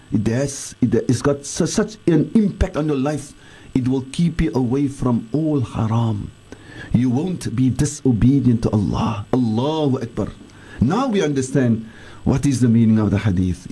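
Male scholar, radio talk, earnest and emphatic, husky tone. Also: medium pitch, mellow. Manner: earnest, emphatic, repeats phrases for stress. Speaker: Islamic scholar answering listeners on radio. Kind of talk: radio talk on faith, leading remembrance.

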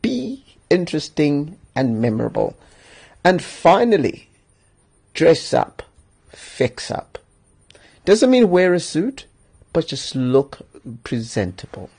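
A man's voice: a little high, very animated, slow, gravelly, pauses often, a little mellow, slightly rough. A man hosting a solo podcast, giving advice in an emphatic, joking way and chuckling often. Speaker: podcast host.

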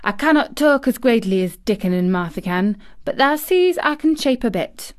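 A woman's voice: fairly high pitch, lively intonation, normal speed, voice pushed up, natural voice. Cheeky young girl, broad Yorkshire dialect, storybook, woman reader. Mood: teasing.

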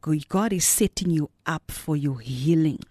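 A woman's voice: low-pitched, animated, moderate pace, a little mellow, no echo, clean studio sound. A woman pastor with a South African accent preaching and praying over listeners on a radio program, fervent and full of repeated declarations.

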